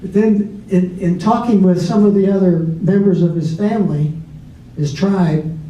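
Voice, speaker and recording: A man in a debate talks off the cuff, stumbling and restarting as he goes. His voice sits fairly high yet sounds very dark. He is heard from a distance in an echoey room, on a dull recording with faint noise. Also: steady tone. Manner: halting, many restarts and repeated words. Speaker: debate panelist. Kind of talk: unscripted debate talk.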